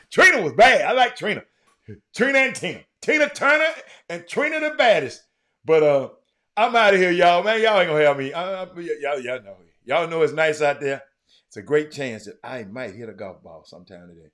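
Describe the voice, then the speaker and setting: A man hosting a casual show, talking in a loose, animated way that drifts between loud calls to the audience and low mutters. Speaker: show host. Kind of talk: casual live-stream chat.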